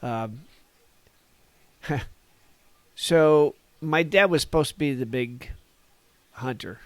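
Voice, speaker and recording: A man's voice: mid-range voice, takes it slowly, dry recording. A man in his sixties from Northern California, a podcast guest telling old stories in a rambling, folksy way and chuckling at his own tales. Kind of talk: casual reminiscing storytelling.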